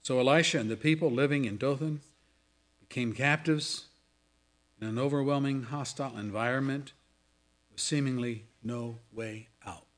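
A man preaching a sermon, swinging between loud dramatic scripture reading and hushed asides. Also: medium pitch, normal speed. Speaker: pastor. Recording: audio of a sermon.

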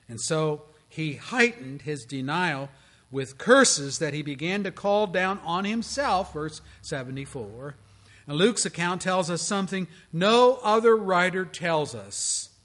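A man delivers a sermon with a bright, forceful tone pitched a little high. He tells the story dramatically, sinking to near-hushes and rising to strong proclamations. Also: lively intonation, unhurried. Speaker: pastor.

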